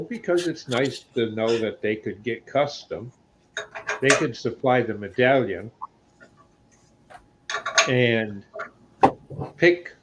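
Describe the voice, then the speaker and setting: A man telling a woodturning story on a video call, slow and unhurried, stopping often to find his words. His mid-pitched voice sounds dull and lo-fi, with steady background noise behind him. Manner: slow, hesitant, many pauses. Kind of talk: casual chat on a video call.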